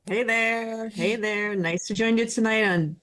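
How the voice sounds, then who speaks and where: A woman's voice: a little high, a little slow, fairly bright tone. A woman co-hosting a political show, chatting in an upbeat, eager way. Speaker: co-host. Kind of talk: casual chat.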